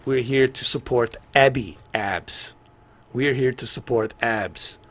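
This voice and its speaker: A man live-streaming a video game, rambling in excitable, casual commentary and swearing freely. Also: mid-range voice, takes it slowly.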